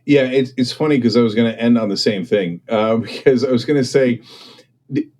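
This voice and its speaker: Emphatic man with a dark voice. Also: mid-range voice, a little fast. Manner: emphatic, persuasive, repeats "okay?" and "right?"; acts out other people's voices when quoting them. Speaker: political commentator and guest. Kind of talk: impassioned political discussion.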